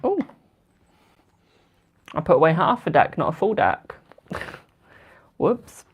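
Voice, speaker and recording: A man's voice: a little high, wildly swooping pitch, measured pace, breathy edge, dull audio. A British man doing tarot readings on a live stream, chatting with viewers and calling them "my darling". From United Kingdom. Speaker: tarot card reader.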